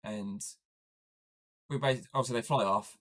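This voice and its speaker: A man's voice: mid-range voice, moderate pace, a bit bright. A man hosting a podcast, recapping a film in casual chat and rambling with lots of fillers. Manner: rambling, heavy use of "obviously" and "like". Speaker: podcast host.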